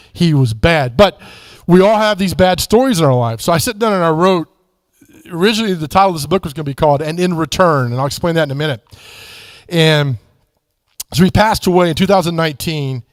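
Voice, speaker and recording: A middle-aged man tells a personal story in a loose, conversational way, full of asides and restarts. His voice sits a little high for a man and sounds dry and close. He talks like a guest speaker at a church. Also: no echo. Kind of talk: storytelling testimony.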